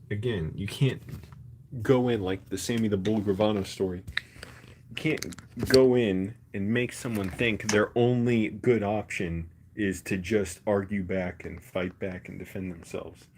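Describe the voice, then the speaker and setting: A man's voice: fairly low pitch, background noise. A man chatting casually on a phone live stream from his bedroom at night, rambling with lots of fillers and restarts. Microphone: phone held close.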